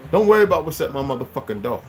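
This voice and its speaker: Angry profane man ranting loudly. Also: very animated, racing, soft background music. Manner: angry, profane, swings loud and high. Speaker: channel host. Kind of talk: profane rant to camera.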